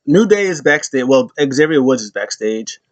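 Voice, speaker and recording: A man's voice: medium pitch, lively intonation, normal speed, dry recording. A man hosting a casual wrestling recap, talking loosely and rambling with lots of fillers. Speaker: show host. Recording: slightly dull lo-fi, dry.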